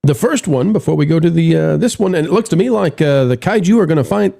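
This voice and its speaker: Lively gravelly man hosting a chat show. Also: on the high side, fast. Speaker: host. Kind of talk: casual live-stream chat.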